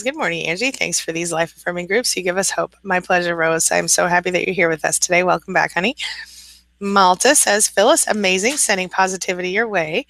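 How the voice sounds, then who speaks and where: A woman's voice: on the low side, fairly bright tone, no room sound. A woman coaching on a live stream, reading viewer comments aloud and answering them encouragingly, now and then scolding her kitten.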